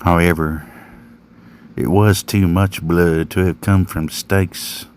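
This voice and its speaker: A man's voice: sits low, steady tone, takes it slowly, darkish tone, slight background noise. A man telling a first-person horror story in a folksy, plain-spoken rural manner. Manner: folksy, rural drawl with slang.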